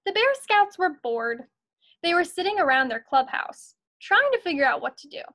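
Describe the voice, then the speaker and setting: A woman's voice: very high voice, sing-song, normal speed, pushed and bright. A woman teacher reading a picture book aloud to her students in an encouraging, storytelling manner.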